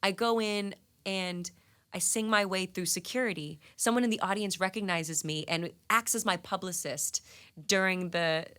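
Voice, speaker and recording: Bright, animated woman telling stories. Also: mid-range voice, moderate pace. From New England, US. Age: 30s. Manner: animated, laughing, lots of "like" fillers. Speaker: guest singer. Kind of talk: casual interview storytelling. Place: radio studio.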